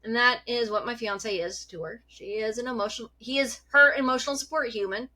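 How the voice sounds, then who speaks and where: A woman vlogger telling a story about her cat in a chatty, animated way, swearing freely. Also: fairly high pitch, a little fast. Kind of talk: casual storytelling.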